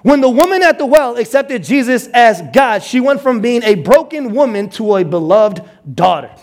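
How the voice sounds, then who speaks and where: A male pastor preaching with a notably high voice. He swings into quoted voices and repeats words as he pushes his points along. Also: moderate pace. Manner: animated, acts out quotes with stammered repeats. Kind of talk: sermon.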